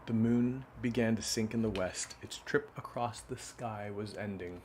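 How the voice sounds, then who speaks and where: A man's voice: on the low side, unhurried, a little mellow, slight background noise. A casual man reading picture books aloud. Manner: casual, with asides and fillers. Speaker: children's book reader.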